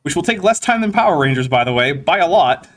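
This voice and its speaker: A man hosting a livestream in casual chat, talking in an animated, rambling way. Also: on the high side, fast talker. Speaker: livestream host.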